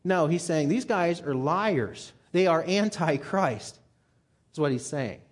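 A man's voice: on the high side, slow. A man preaching a conversational sermon, getting fired up and talking plainly to his listeners. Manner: conversational and animated, gets fired up. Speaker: pastor.

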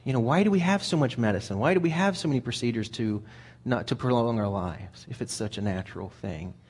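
A man delivering a sermon in an easygoing, conversational way, at a middle pitch. He often repeats and restarts words as he thinks aloud. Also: animated, fast talker, a little mellow, slightly rough. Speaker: preacher.

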